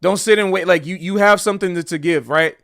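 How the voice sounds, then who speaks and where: Man, high-pitched voice, earnest rambling livestream talk. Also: quick pace, a bit bright. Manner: earnest, rambling, repeats himself. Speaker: streamer and jazz educator. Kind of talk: casual livestream monologue.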